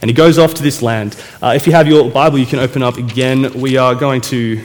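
A man's voice: medium pitch, fairly even intonation, brisk. A man preaching a casual sermon, retelling a Bible story in a chatty way and correcting himself as he goes. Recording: echoey hall reverb.

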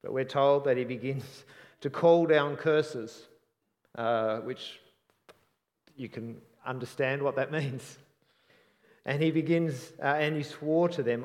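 Guy preaching a sermon, earnest and reflective, mid-pitch voice, big reverby hall. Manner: earnest, reflective, trailing off softly at phrase ends.

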